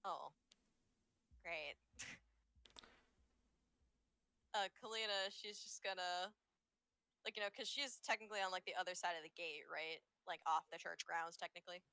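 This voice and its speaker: A woman's voice: on the low side, normal speed, long pauses, sharp tone, smooth, dry recording. A woman playing in a tabletop role-play game, chatty and giggly. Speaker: player.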